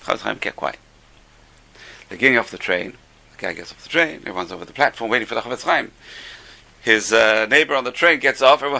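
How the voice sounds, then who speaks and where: A man's voice: medium pitch, fast, gravelly, long pauses, bright, forceful tone. An older man teaching an informal religious class, a chatty, joking storyteller.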